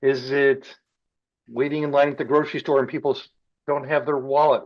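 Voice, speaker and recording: A man's voice: medium pitch, brisk. Playful man, dull lo-fi audio. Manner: playful, building to animated bursts. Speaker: co-chair. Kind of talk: casual announcement.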